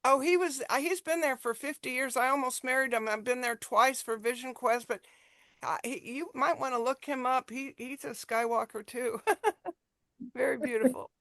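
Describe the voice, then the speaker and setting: A woman's voice: high voice, moderate pace, a bit bright, no room sound. A woman hosting an interview, gushing with enthusiasm and rambling through her questions. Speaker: host. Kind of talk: casual interview.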